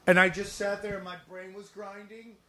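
A comedian guest on a podcast, telling rapid, profane stories and acting out quotes in casual chat. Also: male voice, high-pitched. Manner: rapid, profane, animated storytelling with acted-out quotes.

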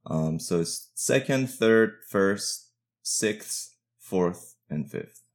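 A man co-hosts a casual podcast chat in a soft-spoken, hesitant way. He trails off often and laughs at himself. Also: low-pitched, expressive, extremely slow. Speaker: podcast co-host.

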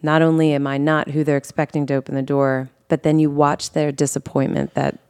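Deep, level and darkish, her voice is clear and resonant in a studio-quality recording with no room sound. As a podcast guest host, she tells her life story candidly, earnest and emotional, often correcting herself and restarting mid-sentence.

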